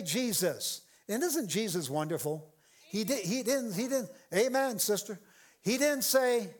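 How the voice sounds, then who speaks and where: Male pastor, high lively voice, animated sermon delivery with acted-out quotes. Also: measured pace. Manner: animated preaching, acts out quoted voices, jokes with the congregation. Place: church sanctuary with congregation.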